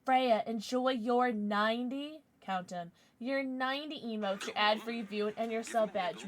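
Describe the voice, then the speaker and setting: A young woman streaming live, chatting casually with her chat, thanking viewers and squealing with excitement. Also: fairly high pitch, a little slow, hardly any pauses.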